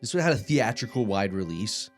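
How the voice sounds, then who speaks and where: A young man with a fairly low voice talks loosely in a casual podcast chat. His pitch swings all over as he rambles, packing in fillers and the odd swear word. He sounds relaxed and unscripted. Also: moderate pace, soft background music. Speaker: podcast guest.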